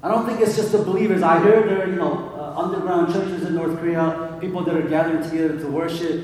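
A man's voice: fairly high pitch, steady tone, fast talker, darkish tone, a little hiss or hum. A man preaching a sermon in a casual storytelling way, full of fillers, in a large church hall. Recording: echoey hall from far off.

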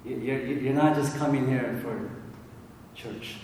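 A man's voice: medium pitch, slow pace, a little mellow, a little hiss or hum. A man preaching a sermon in a casual storytelling way, full of fillers, in a large church hall. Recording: echoey hall from far off.

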